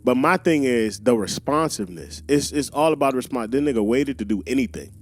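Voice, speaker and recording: A man's voice: medium pitch, brisk. A man co-hosting a podcast, arguing his points in heated, emphatic, profane casual chat. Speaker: podcast co-host.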